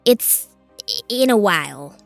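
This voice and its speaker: A small, earnest clan warrior, only three feet tall, who talks slowly, hesitates and then claims he is brave, as a woman voices him. Faint music plays behind him. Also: medium pitch, big pitch swings, gravelly.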